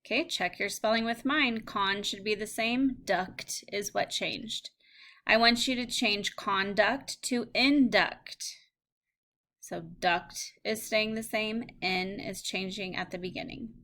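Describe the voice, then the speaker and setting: A woman teacher giving a recorded phonics lesson, reading words and phrases slowly and clearly for students to spell. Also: mid-range voice, sharp tone. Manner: slow, clear word-by-word dictation.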